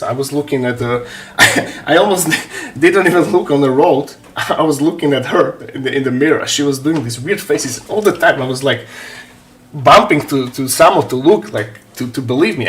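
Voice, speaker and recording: A man telling a story on a live stream, animated, swearing and laughing often. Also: on the high side. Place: home hobby room.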